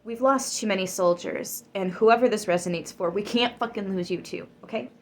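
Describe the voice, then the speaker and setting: A woman's voice: medium pitch, brisk. A woman giving a tarot reading to her viewers. She talks emphatically, swears freely and gets worked up. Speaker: tarot reader.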